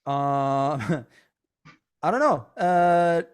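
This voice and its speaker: A man hosting a casual podcast, a comedian telling animated stories with lots of fillers and laughs. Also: a little high, very slow, smooth.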